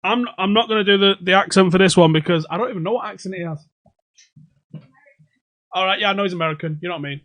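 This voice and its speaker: A man's voice: high voice, quick pace, long pauses, a bit bright, dull audio. A young man hosting a pub quiz livestream from home, jokey and sweary as he reads out comments on a desk microphone. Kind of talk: casual livestream banter.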